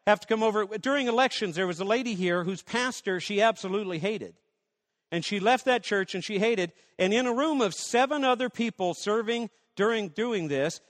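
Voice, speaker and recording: A man preaching a sermon as pastor, swinging from loud rallying questions to soft asides. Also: high-pitched, big-room sound.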